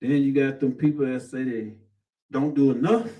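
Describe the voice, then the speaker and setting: A man's voice: mid-range voice, steady tone, normal speed, warm tone, distant mic, low-quality recording. A man preaching a sermon. He repeats himself, calls on the crowd and acts out the voices he quotes. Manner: repetitive, call-and-response, acts out quoted voices.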